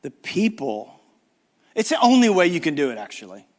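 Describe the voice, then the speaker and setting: A middle-aged guest preacher delivers a conference sermon in a sing-song voice at a moderate pace. He swings from loud, urgent emphasis to low, hushed appeals, acting out the voices of people in the story.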